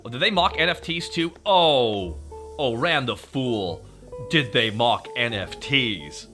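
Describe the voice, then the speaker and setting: Brief: male streamer, excitable and profane, very bright tone, lively pitch. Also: faint music behind. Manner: excitable, swears freely, quick to laugh. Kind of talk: casual stream commentary.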